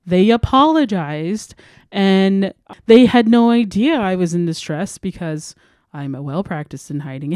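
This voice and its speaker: A woman's voice: mid-range voice, measured pace, darkish tone, clear, resonant tone, no echo, studio quality. A young woman hosting a self-help podcast, talking candidly and earnestly and reading quotes aloud. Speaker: podcast host.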